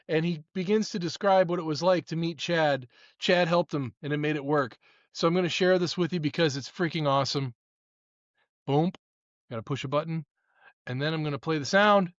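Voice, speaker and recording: A man in his forties casually commenting on clips he plays, excitable and self-mocking. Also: a little high, no echo, muffled recording. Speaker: host playing and reacting to clips.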